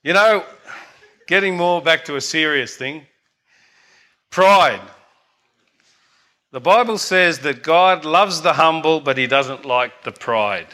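A man's voice: on the high side, animated, takes it slowly, pauses often, bright, forceful tone. An older man preaching a sermon earnestly, often asking the congregation "amen?".

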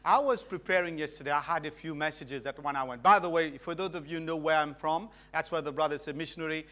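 A man's voice: a little high, quick pace. A middle-aged man from Mauritius, preaching a sermon as a guest and calling for responses from the congregation. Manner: animated, calls for audience responses.

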